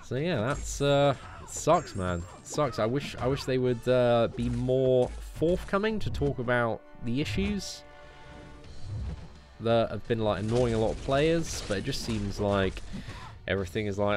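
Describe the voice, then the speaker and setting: Young British male streamer, casual and rambling, medium pitch, faint background music. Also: measured pace. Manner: relaxed, chatty, frequent "man" and restarts. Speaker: gaming streamer answering viewer questions. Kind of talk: casual live-stream chat.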